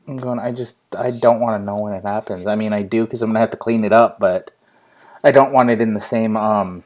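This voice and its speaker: A man's voice: on the low side, a little mellow. A young man hosting a casual live show, telling a funny family story with plenty of swearing and laughter. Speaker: host.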